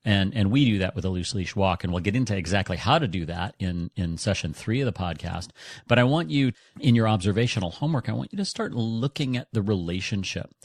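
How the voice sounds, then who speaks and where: A man with a fairly low voice explains dog training in a conversational podcast. He talks loosely and often restarts his sentences. The sound is dry and close. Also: dry recording. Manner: conversational, frequent restarts and hedges. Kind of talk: instructional podcast talk.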